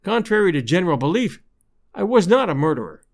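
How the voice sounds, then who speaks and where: A man narrating a classic adventure novel in a measured, even storytelling manner. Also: sits high. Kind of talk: scripted audiobook narration.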